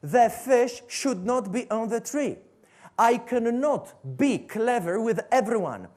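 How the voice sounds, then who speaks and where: A man's voice: very high voice, animated, slow pace, a little mellow. A male motivational coach with a Polish accent speaks to an audience from a stage. He leans on rhetorical questions and repeats his key phrases to drive each point home. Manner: emphatic, rhetorical questions and repetition. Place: stage before a seated audience.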